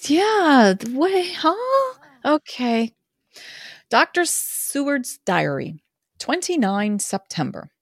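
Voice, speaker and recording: A woman's voice: high-pitched, big pitch swings, slow, no echo, studio quality. Wry woman reading aloud casually. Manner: wry, laughing asides. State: slightly drunk. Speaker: podcast co-host and reader.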